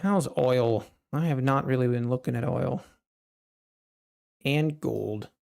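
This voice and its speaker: A man's voice: mid-range voice, slow pace, gravelly, darkish tone. A man hosting a live trading stream, chatting casually with viewers and laughing often. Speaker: livestream trading host.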